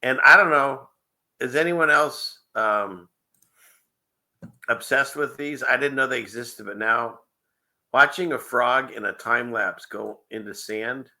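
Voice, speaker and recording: A man's voice: medium pitch, takes it slowly, sharp tone. A man hosting a casual livestream show, rambling through clips with frequent chuckles and conspiratorial asides. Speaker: show host.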